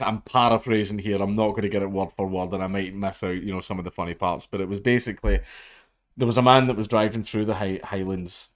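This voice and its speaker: A man giving blunt, profane, casual commentary and retelling a story. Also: lowish voice. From Scotland. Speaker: commentary host.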